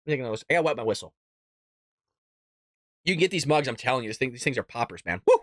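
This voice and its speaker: A man hosting a political commentary show, ranting with heated, profane outbursts that swing from loud to muttered asides. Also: medium pitch, expressive, fast, no echo, clean studio sound.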